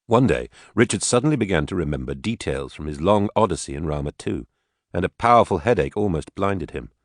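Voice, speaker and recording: Male audiobook narrator, very low voice, measured delivery, dry studio sound. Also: expressive, no echo.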